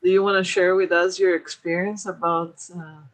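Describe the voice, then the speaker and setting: A woman's voice: on the low side, little pitch movement, normal speed. A woman hosting a casual interview, enthusiastic, asking questions and adding her own reflections. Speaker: host.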